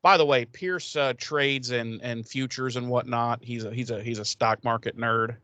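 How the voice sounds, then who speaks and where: A man's voice: mid-range voice, steady tone, normal speed, sharp tone, no echo. A man co-hosting a podcast, chatting casually about an episode with dry, sarcastic jokes. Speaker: podcast co-host. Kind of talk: casual chat recapping an episode.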